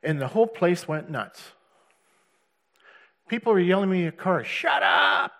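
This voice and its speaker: A man's voice: high voice, expressive, moderate pace, a little mellow. A man giving a personal church testimony, telling his story earnestly with restarts and laughs.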